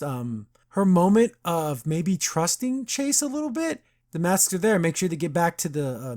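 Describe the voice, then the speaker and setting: A man hosting a podcast, casually recapping an animated episode and acting out the characters' lines in quick asides. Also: a little high. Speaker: podcast host.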